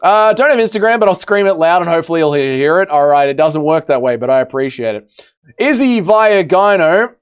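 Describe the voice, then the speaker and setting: A man's voice: on the high side, brisk, smooth. A man hosting a livestream, casually reading out chat with blunt, swearing jokes. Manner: joking, blunt, swears, trails off quietly. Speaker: livestream host.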